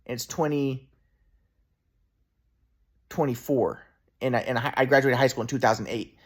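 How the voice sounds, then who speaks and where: A man's voice: mid-range voice, fairly even intonation, moderate pace. Frustrated, rambling man in his thirties. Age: 30s. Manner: rambling, profane, frustrated, many restarts. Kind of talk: casual personal vlog monologue.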